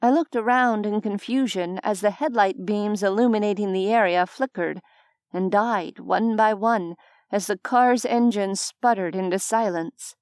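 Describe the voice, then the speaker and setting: A woman reading a first-person audiobook with wry, even storytelling. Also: medium pitch, a little slow, smooth, no room sound, studio quality. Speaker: audiobook narrator. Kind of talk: scripted first-person narration.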